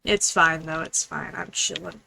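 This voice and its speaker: A young woman streaming a game, chatting casually in a rambling, fast, apologetic way. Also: low voice, fairly even intonation, creaky, bright, forceful tone, a little hiss or hum, low-quality recording. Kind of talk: casual gaming stream chat.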